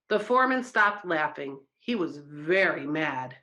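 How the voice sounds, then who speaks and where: A woman reading a children's story aloud at a church service, expressive and engaging her listeners. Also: low-pitched, unhurried, hardly any pauses.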